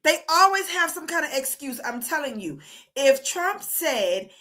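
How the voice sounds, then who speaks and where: A high-voiced woman runs a casual political livestream, heated and profane. Her tone is bright and sharp, and she rants straight at her viewers. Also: big pitch swings, unhurried. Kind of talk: casual live-stream commentary. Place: abroad while traveling.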